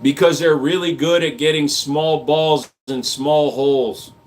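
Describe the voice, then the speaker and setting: A man's voice: a little high, steady tone, measured pace. A man hosting a livestream, reading chat comments aloud and answering with crude jokes and casual gun talk. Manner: crude joking banter, reads comments aloud.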